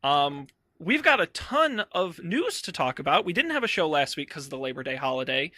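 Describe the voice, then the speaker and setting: A man's voice: a little high, very animated, brisk, bright, forceful tone, no echo. A man hosting a casual tech podcast, talking in an upbeat, chatty way with fillers into a close mic. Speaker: podcast host.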